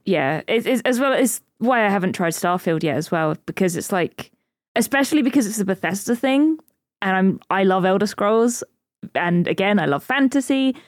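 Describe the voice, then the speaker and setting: A woman's voice: medium pitch, expressive, moderate pace, dry recording, studio quality. A woman co-hosting a podcast in a casual, giggly chat with many fillers. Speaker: podcast co-host.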